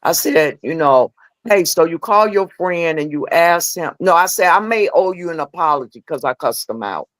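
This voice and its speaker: A middle-aged woman telling candid personal stories as a podcast guest. She acts out the dialogue in her stories with lively voices. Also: low voice, moderate pace, dry recording. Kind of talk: candid storytelling chat.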